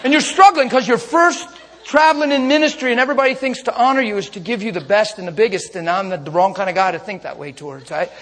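A man preaching a sermon as a traveling minister, telling stories in an animated way, often laughing and breaking into shouts. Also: high-pitched, fast. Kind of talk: sermon storytelling. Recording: long reverb of a large hall.

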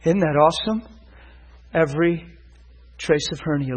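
Male preacher, husky, fairly high voice, lively storytelling sermon, surges up when excited. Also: normal speed.

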